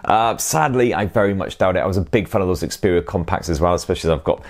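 A man from Sunderland in North East England, with a Northeast English accent, hosts a casual tech show where he answers viewer questions. His voice sits low and he talks fast, tossing in cheeky, sweary jokes and asides.

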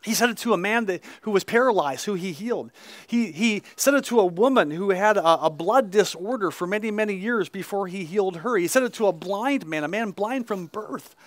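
Guy pastor giving a chatty sermon, kinda high voice, dry sound, keeps saying right?. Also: animated, fairly quick, dry recording. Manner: conversational, with frequent "right?" asides and restarts. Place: outdoor service.

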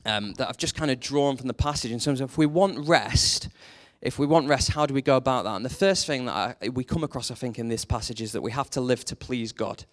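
A man preaching a sermon, telling a story with lively energy and briefly acting out the characters in it. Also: mid-range voice, brisk. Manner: animated storytelling, acts out quoted characters.

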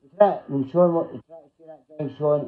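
A man's voice: fairly high pitch, fairly quick. A middle-aged Scottish man chatting on a livestream in a rambling, blunt way, swearing freely. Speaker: livestream host. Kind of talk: casual rambling chat. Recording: tinny phone-like sound.

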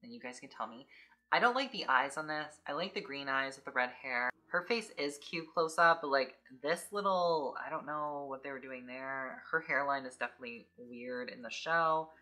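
A woman's voice: extremely low pitch, moderate pace, sharp tone. A young adult woman hosting a casual unboxing vlog, chatty and filling her speech with "like". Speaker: YouTube host.

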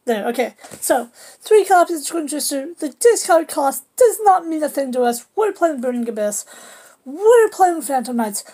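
Woman, high voice, casual deck walkthrough, cheeky trash talk and silly sound effects. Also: big pitch swings, moderate pace, warm tone. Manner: playful, trash-talking, with goofy sound effects. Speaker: card game deck presenter. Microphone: camera on a table.

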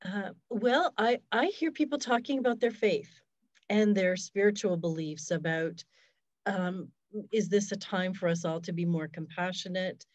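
A woman's voice: mid-range voice, measured pace, dry recording. A woman, a hospice fundraiser, telling stories in a casual, reflective interview over a video call.

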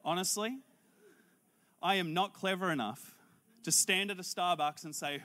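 A man, a pastor preaching a sermon through an animated personal story, acting out the conversation. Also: high voice, moderate pace. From Australia. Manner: animated, acts out dialogue in character voices.

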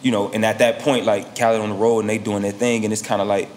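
A man from South Florida, a guest rapper in his thirties, talking through his career in a relaxed, reflective way in a casual interview. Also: fairly low pitch, fast talker, a little hiss or hum. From South Florida, USA. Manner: laid-back, reflective, with frequent "you know what I'm saying".

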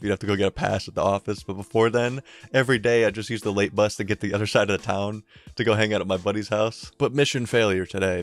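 A young man from Connecticut telling a casual, profane story in a storytime vlog, with laughter and drawn-out asides. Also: on the low side, no room sound. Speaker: vlogger.

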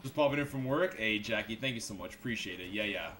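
A young man streaming a game live, reacting loudly, swearing, laughing and greeting chat. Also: fairly low pitch, lively intonation, quick pace, soft background music.

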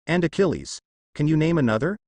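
A man's voice: a little high, lively intonation, a little fast, a little mellow, no echo, natural voice. A man voicing a serious, lecturing older male centaur teacher in a storybook reading.

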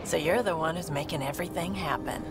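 A woman voicing a cool, capable female alien provisioner in a video game, speaking briskly and self-assuredly. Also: sits low. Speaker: ship's provisioner. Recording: game audio with loud noise.

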